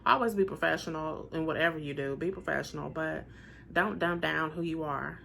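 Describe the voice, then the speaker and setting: A woman in her forties speaks in a low, deep register with a gravelly edge. She talks casually straight to camera, earnest and emphatic. She circles back to repeat her points for weight. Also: a little fast, a bit bright, slight background noise. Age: 40s. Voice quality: naturally deep voice. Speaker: vlogger sharing personal experiences.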